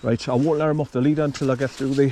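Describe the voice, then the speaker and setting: Out on a rural walk, a man chats casually to camera while walking his dog, breaking off to call it between remarks. His mid-range voice has a dark tone and little pitch movement, he talks at a quick pace, and there's slight background noise.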